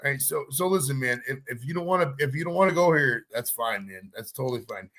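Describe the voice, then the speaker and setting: A man's voice: mid-range voice, expressive, quick pace, fairly bright tone. A man hosting a podcast, rambling and joking in a crude, profane way. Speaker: podcast host. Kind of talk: casual crude banter.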